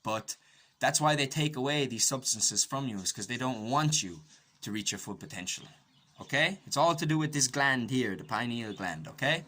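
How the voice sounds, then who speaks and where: Bright-voiced Irish man ranting. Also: medium pitch, lively intonation, moderate pace. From Ireland. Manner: profane, conspiratorial, rambling, keeps asking "right?". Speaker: podcast host. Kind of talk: rambling comedic monologue.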